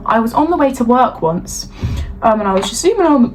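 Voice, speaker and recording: A woman's voice: fairly high pitch, very animated, fairly quick, soft background music, low-quality recording. A young woman with a British accent, co-hosting a podcast in casual chat, ranting with lots of swearing and laughter. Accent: British English. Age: young adult. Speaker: podcast co-host.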